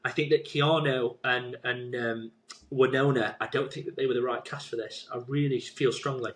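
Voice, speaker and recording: A man's voice: mid-range voice, steady tone, normal speed, a bit bright, a little hiss or hum. A man with a mid-range voice joins a casual podcast as a guest. He states his views emphatically and sometimes stumbles over his words. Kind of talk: casual film review chat.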